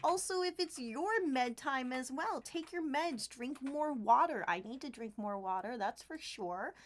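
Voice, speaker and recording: A woman's voice: high-pitched, animated, unhurried. A young woman streaming as she crafts, chatting to her viewers in a gushing, giggly way. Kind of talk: casual crafting livestream chat.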